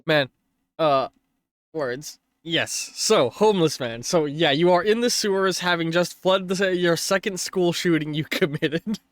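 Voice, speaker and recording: A man's voice: fairly high pitch, measured pace, no room sound, clean studio sound. A man narrating as game master of a tabletop game on a stream, rambling and correcting himself as he goes.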